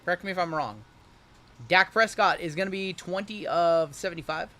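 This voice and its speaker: A high, bright-voiced man runs a livestream card break, calling out every pull as it comes. He keeps the patter jokey and upbeat between cards. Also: moderate pace. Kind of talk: livestream card-opening commentary.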